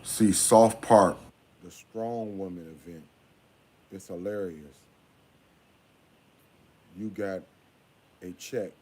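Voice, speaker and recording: A father talking casually in a vlog, repeating himself and scolding in a drawn-out way. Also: deep voice, mellow, husky.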